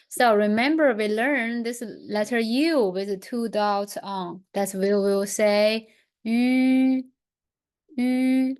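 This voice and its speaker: A woman teaching pronunciation in a very slow, careful way, pausing on each syllable so learners can echo it. Her voice sits a little high. She explains things patiently and keeps repeating them. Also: clear, resonant tone. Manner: patient, gently repetitive explaining. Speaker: language teacher. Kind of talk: pronunciation lesson.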